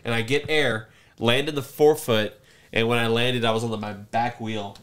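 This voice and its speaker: A young man co-hosting a podcast, telling stories in casual chat, acting out quotes loudly and laughing often. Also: mid-range voice, fairly even intonation, moderate pace, a little hiss or hum. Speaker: podcast co-host.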